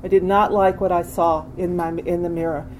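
An older woman sharing a candid personal recovery testimony, with frequent restarts and pauses. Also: lowish voice, flat delivery, darkish tone, a little hiss or hum, low-quality recording. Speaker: speaker sharing a recovery story.

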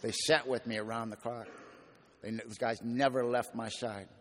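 An older man telling a personal story with a folksy, earnest manner and homespun grammar. His voice sits at a middle pitch. It rings out with a long hall reverb, as if on a stage in a large room. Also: flat delivery, moderate pace, fairly bright tone. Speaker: recovery meeting speaker.

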